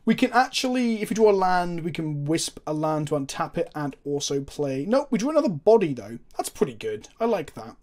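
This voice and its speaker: A man's voice: a little high, big pitch swings, brisk, hardly any pauses, a little mellow. Man thinking aloud over a card game. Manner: thinks aloud, asks viewers questions, swears in frustration. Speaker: host, gameplay commentator.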